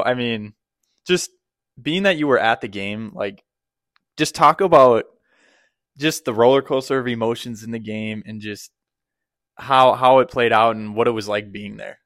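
An excited man co-hosting a casual sports podcast, rambling with plenty of fillers. His voice sits at an ordinary pitch. The sound is dry and close, with no room echo. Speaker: podcast co-host.

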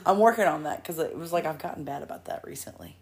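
A young woman with a lilt chats with her sister in an animated, joking way. She keeps slipping into funny voices to act out what people say. Her voice sits a touch low. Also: fast. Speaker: podcast co-host. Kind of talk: casual chat.

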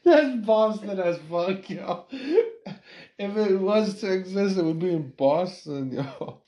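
A man's voice: sits high, takes it slowly, dark tone, dull audio. A young man in casual, profane podcast banter who laughs often.

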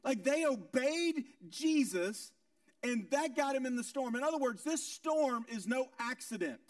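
A man with a high voice preaches a sermon, driving his points home with rhetorical questions and repetition. He swings from loud, raised lines to hushed, low ones. The sound is dry and picked up from a distance. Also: animated, measured pace, no room sound. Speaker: pastor.

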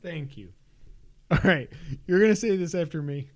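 A man's voice: on the high side, darkish tone, dry recording. Joking podcast co-host man. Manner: joking, laughs often, talks in quick bursts. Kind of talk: casual podcast chat.

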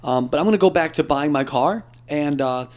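A man's voice: on the high side, a little fast. Young man chatting on a podcast. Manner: animated, jokey, does playful character impressions. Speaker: podcast co-host. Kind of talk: casual podcast chat.

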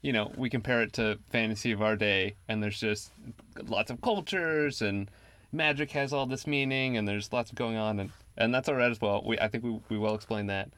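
A man's voice: fairly low pitch, moderate pace, a bit bright. A man in casual book club talk, hesitant and repeating his words. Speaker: book club podcast member. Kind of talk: casual chat.

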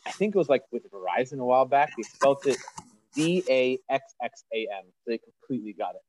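A man's voice: mid-range voice, animated, a little fast, a little mellow, a little hiss or hum, rough recording. A man speaking as a panelist on a video call, good-humored and casual.

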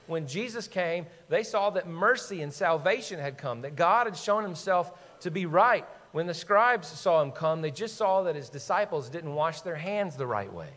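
A man's voice: high-pitched, fairly bright tone. Man preaching in a reverberant hall. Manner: emphatic, rhetorical questions, quotes scripture. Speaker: pastor. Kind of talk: sermon.

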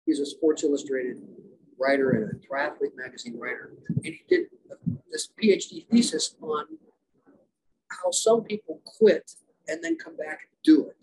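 Husky, mellow-voiced man telling stories. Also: fairly high pitch, moderate pace, low-quality recording. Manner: animated, acts out quoted dialogue. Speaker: guest, leadership coach and former special operations rescuer. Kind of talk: storytelling interview answers. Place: podcast conversation.

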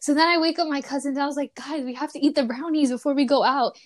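A young woman hosting a podcast, telling a childhood story in casual chat, animated and full of fillers. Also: high voice, fast. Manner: animated, many fillers, laughs while telling. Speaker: podcast host.

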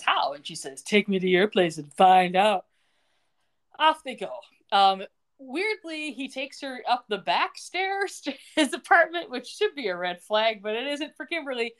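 A young woman co-hosting a podcast, retelling a TV episode in casual chat and acting out the characters' lines as she goes. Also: mid-range voice. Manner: animated, jokey, acts out the characters' lines while retelling. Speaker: podcast co-host recapping a TV episode.

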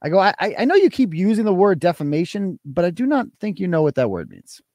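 A man's voice: high voice, very animated, fast, darkish tone, no room sound, studio quality. A man with a Boston accent hosting a livestream talk show, ranting in a mocking, combative and profane way. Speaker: podcast host.

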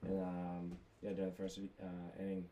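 A man's voice: low-pitched, monotone, moderate pace, dark tone, a little hiss or hum, low-quality recording. A young man with a Boston accent, a college baseball player, answering interview questions in a laid-back, rambling way. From Massachusetts. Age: young adult.

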